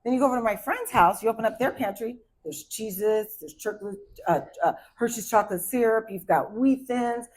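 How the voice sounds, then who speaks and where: A woman in her fifties from Arizona performing a stand-up comedy set, hyper and animated as she tells stories. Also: on the high side, a little fast, hardly any pauses, husky, rough recording. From Arizona, USA. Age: 50s.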